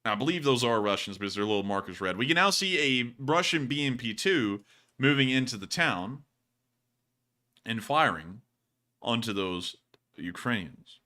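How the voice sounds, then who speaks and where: A man's voice: mid-range voice, lively intonation, bright, forceful tone. A man hosting a commentary show, talking casually over video clips in a joking, sarcastic way. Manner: joking, sarcastic, quick to laugh. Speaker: host of a war footage commentary show.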